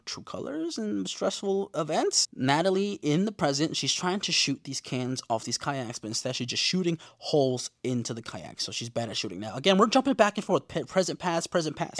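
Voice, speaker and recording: A man's voice: on the high side, brisk, hardly any pauses, no room sound, clean studio sound. Slangy young man recapping a show. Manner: slangy, profane, animated storytelling. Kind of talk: casual TV episode recap.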